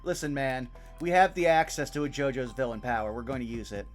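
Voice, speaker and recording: A host of a group playthrough who reads game dialogue in a steady, measured way and drops into easy chat between lines. The voice sits at a middling pitch. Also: faint music behind. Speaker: host and player. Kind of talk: reading game dialogue aloud and chatting.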